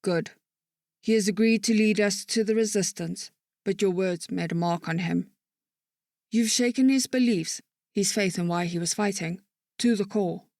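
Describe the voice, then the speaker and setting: A man's voice: high voice, normal speed, gravelly, darkish tone, no room sound, clean studio sound, voice pushed up. A man voicing a stern, commanding female military lieutenant in an audiobook, speaking in a clipped, authoritative way. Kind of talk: audiobook narration.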